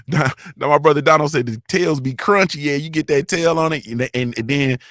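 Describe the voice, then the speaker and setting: A man's voice: fairly high pitch, moderate pace, fairly bright tone, no echo, studio quality. A man hosting a morning show, talking in loose slang with swearing and laughter, often checking in with his listeners. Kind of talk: casual live-stream chat.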